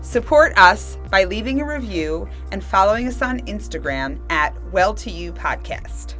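A woman's voice: medium pitch, expressive, normal speed, faint music behind, poor audio. A woman co-hosting a podcast, asking questions and encouraging her partner. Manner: warm, encouraging interviewer. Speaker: podcast co-host. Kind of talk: casual podcast chat.

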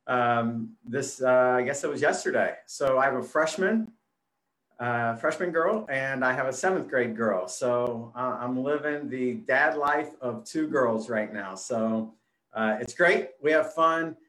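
A man's voice: medium pitch, measured pace, a bit bright, reverberant. A man in his forties, a kids pastor, chatting easily as a guest in an interview, with frequent fillers. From Phoenix, Arizona. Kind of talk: casual interview.

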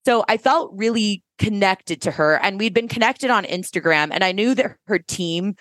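A woman's voice: medium pitch, moderate pace, no echo. Effusive woman telling a story, close dry mic. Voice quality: effusive, animated storytelling with quoted voices. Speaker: podcast host. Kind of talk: casual chat.

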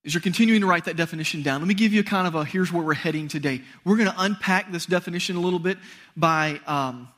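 Male preacher, high voice, chatty sermon delivery that checks in with the room. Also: a bit bright. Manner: conversational, asks the audience questions, halting restarts. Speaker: pastor.

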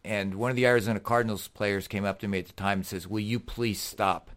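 A middle-aged man, a guest and athletic trainer, telling stories in an animated, earnest, folksy way. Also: on the low side, rapid-fire. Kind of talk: casual storytelling.

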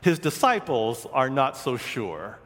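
A man's voice: medium pitch, sing-song, slow, fairly bright tone, big-room sound. A man preaching a sermon, telling stories and acting out the voices of the people he quotes. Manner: storytelling, acts out quoted voices. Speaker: pastor.

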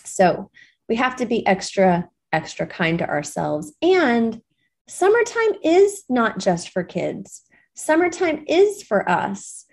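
A woman's voice: on the high side, very animated, takes it slowly, vocal fry. A woman hosting her own podcast, talking to parents in a chatty, reassuring way with plenty of fillers. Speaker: podcast host. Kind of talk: casual solo podcast talk.

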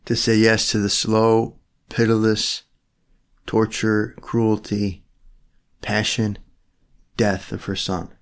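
A man with a fairly low voice leads a reflective sermon. He lays out his thoughts in short, measured phrases. Now and then he turns from the listeners to speak to God directly in prayer. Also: vocal fry. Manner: slow, phrase-by-phrase delivery with pauses.

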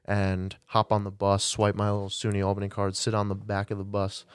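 Low, smooth-voiced young man. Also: completely flat delivery, fairly quick, no room sound. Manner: rambling, self-mocking, many fillers. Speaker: guest telling his side. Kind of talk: casual storytelling.

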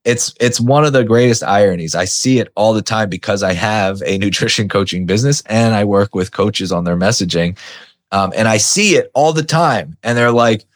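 A young adult man with a low-pitched voice hosts his own coaching podcast. He talks in a blunt, animated, unscripted way, swearing casually and slipping into impressions of frustrated clients. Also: moderate pace. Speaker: podcast host, business coach. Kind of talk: casual monologue.

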